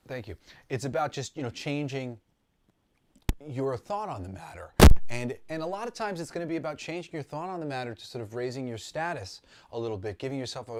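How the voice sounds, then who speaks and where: A man's voice: medium pitch, noisy background. A man giving a casual spiritual lesson, talking in a rambling, heartfelt way with many ums and restarts. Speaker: spiritual teacher.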